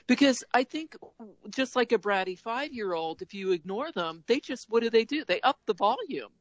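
Animated laughing woman, dull sound. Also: fairly high pitch, moderate pace, no room sound. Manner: animated, laughs often, acts out inner voices. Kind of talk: casual podcast chat.

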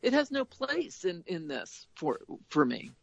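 A woman in casual podcast chat about embroidery, animated and laughing often as she acts out inner voices. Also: fairly low pitch, a little slow, gravelly, no room sound, highs cut off.

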